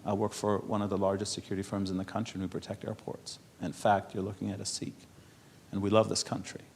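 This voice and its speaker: A man's voice: on the low side, level tone, fast talker, gravelly, darkish tone, a little hiss or hum. A man from Europe speaking to an audience in a conversational way, telling anecdotes with frequent laughs and repeated words. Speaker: speaker at a public panel.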